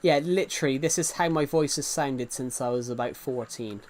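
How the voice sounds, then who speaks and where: A man's voice: medium pitch, moderate pace, darkish tone, a little hiss or hum. A man live-streaming a game, chatting casually and reassuring viewers, often repeating himself. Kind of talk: casual live-stream chat while gaming.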